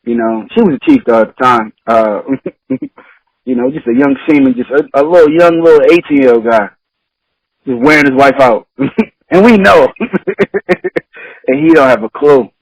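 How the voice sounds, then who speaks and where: Animated, laughing man chatting on a podcast. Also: medium pitch, moderate pace, long pauses, breathy edge, dry recording, low-quality recording. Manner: laughs often, acts out quoted people, swears freely. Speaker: podcast host. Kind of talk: casual podcast chat.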